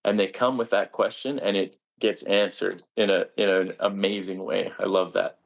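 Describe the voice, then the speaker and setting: A man's voice: low voice, steady tone, moderate pace, gravelly. A man, a stage actor, answering interview questions in an earnest, reflective way with frequent restarts.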